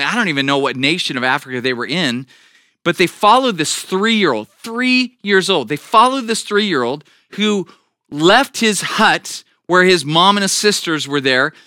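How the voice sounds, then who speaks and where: A man's voice: high voice, sharp tone, no room sound, clean studio sound. A middle-aged man preaching a sermon as a pastor, telling a personal story earnestly with frequent restarts.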